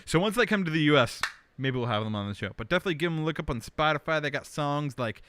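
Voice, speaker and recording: A young man hosting a casual livestream from home, rambling with lots of fillers and bursts of animated complaint. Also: a little high, quick pace, a little hiss or hum. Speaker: podcast host. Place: indoors at home under a blanket.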